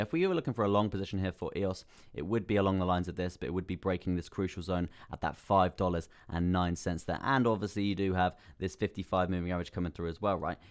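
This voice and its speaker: A man with a very low voice hosts a live crypto stream. He walks through price charts in a loose, chatty way, repeats his points and keeps calling the viewers bro. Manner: casual, repeats phrases, calls viewers bro. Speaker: crypto livestream host. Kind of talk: live chart analysis, reading chat.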